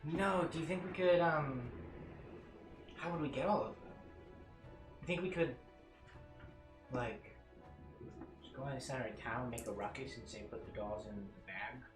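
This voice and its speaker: A man's voice: mid-range voice, normal speed, pauses often. A man playing a tabletop game, eagerly brainstorming plans, recorded in an echoey room with music behind. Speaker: player. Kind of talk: casual tabletop game chat.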